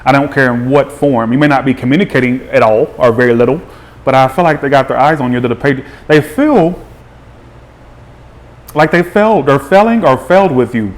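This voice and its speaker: A man hosting a live tarot reading, chatty and animated, greeting viewers by name as he talks. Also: medium pitch, a little fast. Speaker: tarot reader.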